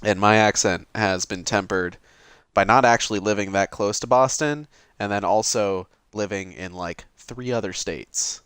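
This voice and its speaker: A man's voice: on the low side, moderate pace, a bit bright, clear, resonant tone, no room sound. A man with a mild Massachusetts accent giving casual, jokey and profane commentary as he plays a video game. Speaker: let's play host.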